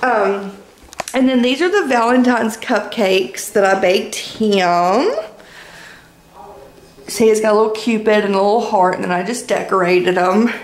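A woman's voice: mid-range voice, measured pace. Chatty woman vlogging in an echoey room. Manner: chatty, rambling, full of ums and likes. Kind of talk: casual daily vlog chat. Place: indoors at home, walking between rooms. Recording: echoey room, faint background noise.

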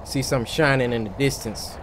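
A man commentating a horror game, muttering low and quiet as he explores, then shouting in a panic when scared. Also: brisk, very noisy. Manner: hushed low muttering that breaks into loud panicked yelling. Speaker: gaming YouTuber.

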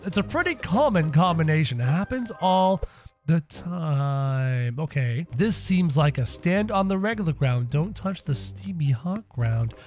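A man giving let's-play commentary in a high, bouncy voice that leaps up and down in pitch. He cracks sarcastic jokes and exclaims at every obstacle. Faint game music plays in the background. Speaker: gaming video host.

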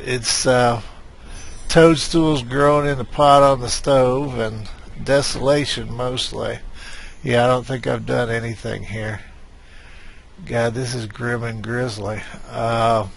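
A man's voice: medium pitch, little pitch movement, slow pace, vocal fry, husky. A man giving casual, rambling commentary on a game he is playing at his computer, hesitating often with "uh" fillers. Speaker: let's play gamer.

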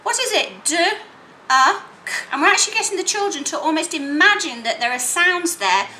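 Lively woman sounding out words. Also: high voice. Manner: sounds out words slowly in separate phonemes; animated and playful with children's toys. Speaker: literacy teacher. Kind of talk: teaching demonstration. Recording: echoey room, faint noise.

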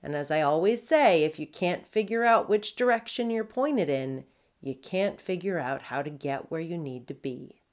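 A woman voicing a gruff old male sea dog telling an ominous tale in a storybook. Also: sits low, lively intonation, moderate pace, a little mellow.

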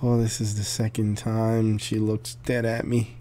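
A man commenting on his horror game play, yelling and screaming at scares and dropping to whispers in tense moments. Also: fairly low pitch, completely flat delivery, a little slow, a little hiss or hum. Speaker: gameplay commentator.

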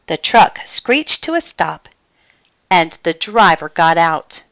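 A woman reading a children's picture book aloud with expressive storytelling. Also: fairly low pitch, slow pace, dry recording, highs cut off.

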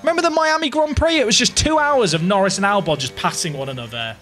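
A young man giving live, excitable commentary to his viewers while playing a game, dramatic and self-mocking. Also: high voice, quick pace, soft background music. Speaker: game streamer.

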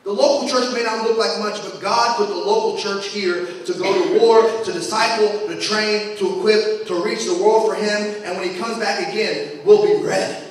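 A young man preaches a fervent sermon, his voice pitched very high and driving through repeated refrains. He sounds caught from far across a big church, wrapped in a long, booming echo. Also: steady tone, moderate pace, hardly any pauses, slight background noise. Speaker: pastor. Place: large echoey church sanctuary. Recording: echoey hall, voice from far off.

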